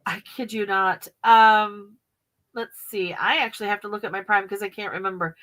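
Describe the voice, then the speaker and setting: A bubbly woman hosts a casual podcast chat with a bright, clear voice. She gives quick affirmations and laughs often. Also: mid-range voice, fairly even intonation, rough recording. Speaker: podcast host.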